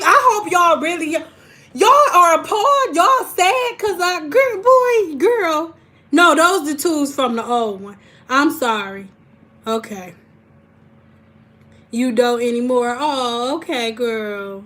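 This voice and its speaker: A woman from Detroit, hosting a hair care livestream and chatting casually with viewers, animated and swinging from loud squeals to soft asides. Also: sits high, slow pace, pauses often.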